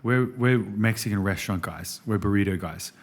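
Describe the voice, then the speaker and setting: Australian male podcast guest, casual and lively, full of anecdotes. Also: on the low side, normal speed. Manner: animated storyteller, says "man" often. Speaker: restaurant executive guest.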